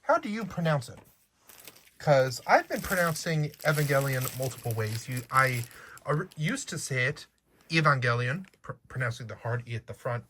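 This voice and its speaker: In a casual unboxing video, a vlogger with a slight accent jokes and talks playfully to viewers. The mid-range voice is expressive and a bit bright, at a moderate pace, with a little hiss or hum behind it.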